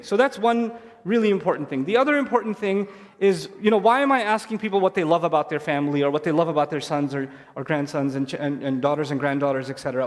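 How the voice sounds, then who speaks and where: A middle-aged man giving an earnest talk with gentle humor to families in a large mosque hall. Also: sits high. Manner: earnest and repetitive, with warm humor. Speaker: Islamic speaker addressing families. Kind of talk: sermon-style talk to a live audience. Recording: long reverb of a mosque hall.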